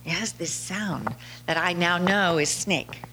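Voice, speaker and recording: Her voice sits on the low side and moves a little slowly, with a sharp tone and a bit of background noise. She's a podcast host telling casual stories in a chatty way, often laughing and acting out quotes.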